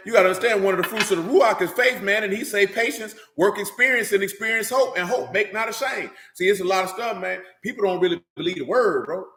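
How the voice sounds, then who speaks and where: A man's voice: high voice, quick pace, few pauses, sharp tone, roomy sound. A man preaching a fiery, confrontational sermon in heavy street slang.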